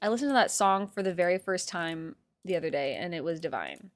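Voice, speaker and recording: A young adult woman streamer chatting casually to her viewers, talking to herself and swearing, sometimes loud. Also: fairly low pitch, animated, a little fast, dry recording. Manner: talks to herself and to chat, swears, swings loud. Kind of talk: casual chat.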